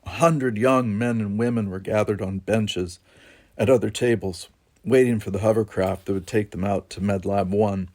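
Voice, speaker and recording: A man reading a novel aloud in a steady, measured narration. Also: lowish voice. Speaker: audiobook reader.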